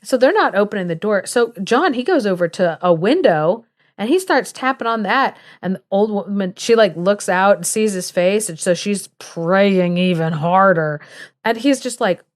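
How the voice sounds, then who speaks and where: A woman hosting a podcast, retelling a ghost tale in a casual, lively way. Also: medium pitch, normal speed. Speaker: podcast host. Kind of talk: casual storytelling.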